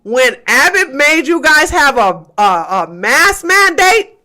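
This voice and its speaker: Woman, livestream host, bright, animated commentary voice. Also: high-pitched, takes it slowly. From Georgia, USA. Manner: animated, emphatic, talks to chat, swings between loud outbursts and muttering.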